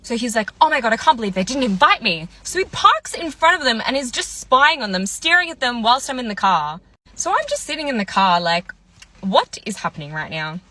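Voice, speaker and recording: With big pitch swings and a fairly quick pace, a woman in her 20s speaks in a slightly high, bright, forceful voice. Her relaxed monologue recounts a dating experience, complete with impressions of what each person said.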